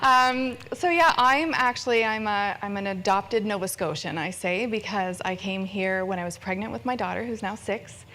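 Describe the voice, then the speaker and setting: A woman's voice: mid-range voice, moderate pace, hardly any pauses, sharp tone. A woman from Ontario in her thirties gives a candid, self-deprecating personal story at a fundraiser on stage, laughing often. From Ontario, Canada. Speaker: fundraiser speaker. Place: event stage with audience.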